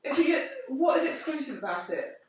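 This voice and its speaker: A woman, co-hosting a casual podcast chat as a mother, telling stories in an expressive, ranting way. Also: high voice, moderate pace. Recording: echoey room, mic far off.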